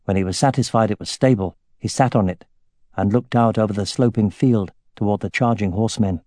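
Man narrating an audiobook, mellow and dry. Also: on the low side, no echo. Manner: measured, steady storytelling.

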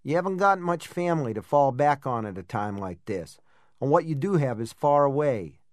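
A man's voice: medium pitch, lively intonation, normal speed, dry recording, voice pushed up, lightly acted. A man voicing a grieving, protective older brother who speaks in a muffled, tearful voice, in an audiobook. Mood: earnest. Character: grieving big sunburned brother, earnest, protective.

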